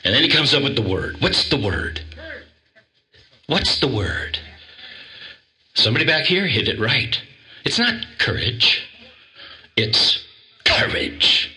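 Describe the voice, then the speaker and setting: A male pastor preaching an animated sermon, quizzing the congregation and coaxing them to repeat words after him. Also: medium pitch, slow, long pauses.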